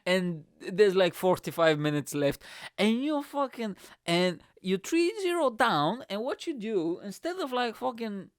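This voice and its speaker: A man's voice: high voice, measured pace, clean tone, dry recording, studio quality. A man hosting his own comedy podcast, telling a dating story in a casual rant full of swearing. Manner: swears constantly, animated storytelling.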